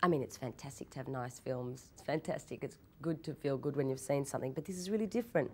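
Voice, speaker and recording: A young woman in an interview, telling anecdotes in a lively way, laughing often and restarting her sentences. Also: a bass voice, breathy edge. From Australia. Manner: animated storytelling, laughs often, quick repeated restarts. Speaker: actress interviewee.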